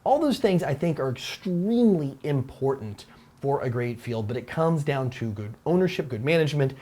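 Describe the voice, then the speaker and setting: A man's voice: mid-range voice, normal speed. Rambling male airsoft show host. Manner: relaxed, rambling, with fillers and restarts. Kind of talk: casual Q&A chat. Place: Taiwan.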